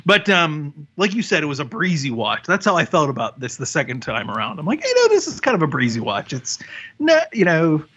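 Husky, expressive man, lo-fi. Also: a little high, brisk. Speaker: podcast co-host. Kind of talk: casual film review chat.

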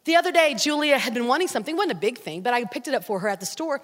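A middle-aged woman pastor, preaching a sermon with animated storytelling that rises to shouts, in a large church hall. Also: high-pitched, very fast. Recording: long hall reverb.

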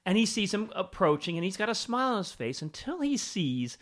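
A man co-hosting a casual film discussion, thoughtful and quick to laugh. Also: sits high. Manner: lively, thoughtful, laughs easily. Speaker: podcast co-host.

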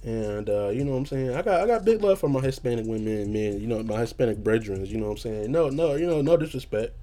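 A man hosting his own show, telling a rambling casual story with a just-woken hoarse voice and a habit of saying "you know what I'm saying". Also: mid-range voice, animated, quick pace, mellow. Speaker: podcast host.

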